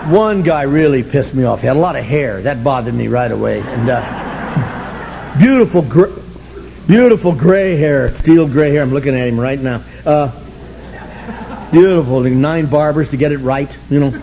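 An older man sharing his story at a recovery meeting, sardonic and humorous, breaking into shouts. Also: medium pitch, moderate pace, vocal fry, slight background noise, poor audio. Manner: animated, sardonic, bursts into shouting.

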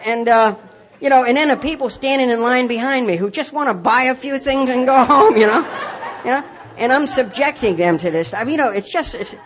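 A man's voice: very high-pitched, brisk, fairly bright tone, a faint crowd. A man telling a personal recovery story in a rambling way, full of restarts and self-mocking humor. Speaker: speaker sharing his recovery story.

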